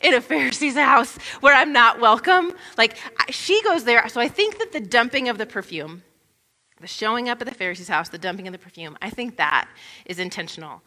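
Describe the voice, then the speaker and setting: A woman giving an expressive Bible teaching, acting out the scenes she describes. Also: on the high side, brisk, long reverb tail. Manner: expressive, acts out scenes in quoted voices.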